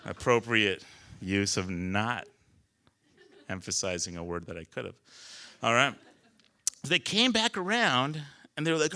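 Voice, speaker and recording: A man telling a personal story on a small live stage, animated, laughing often and swearing casually. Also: medium pitch, normal speed, long pauses.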